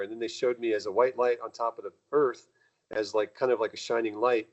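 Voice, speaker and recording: A man's voice: steady tone, a little fast, dull audio. A man, a guest in an interview, telling long rambling stories in a casual way and acting out the people he quotes. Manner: rambling, acts out quoted dialogue with jumps in pitch. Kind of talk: casual conversational storytelling.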